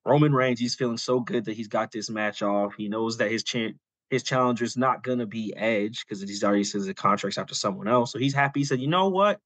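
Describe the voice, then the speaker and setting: A man's voice: lowish voice, fairly even intonation, brisk, fairly bright tone, no room sound. A man co-hosting a podcast, telling a long story in a loose, rambling way full of "like" and "you know," and acting out quoted lines as he goes. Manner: acts out quoted lines in passing. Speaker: podcast co-host.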